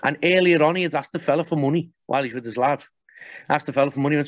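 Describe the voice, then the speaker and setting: A man, speaking a little high for a man, talks bluntly and swears freely as he tells stories on a podcast. The dry, close sound is a bit dull and muffled. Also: very fast, no echo. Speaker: podcast guest. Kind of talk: casual podcast chat.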